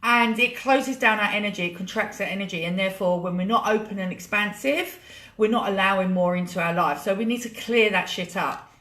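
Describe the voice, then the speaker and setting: A woman's voice: medium pitch, fairly quick, a bit bright. British woman coaching live off her laptop, chatty, swears a lot, gets emotional, roomy echo. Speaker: money coach hosting a live challenge. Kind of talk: casual live stream coaching. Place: home room with a laptop. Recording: echoey room.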